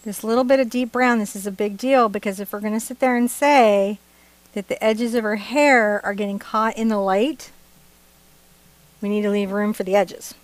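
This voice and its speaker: A middle-aged art instructor with a mid-range, steady voice at a moderate pace teaches a live-streamed painting lesson, with no room sound in the recording. Chatty and playful, she jokes and laughs between steps.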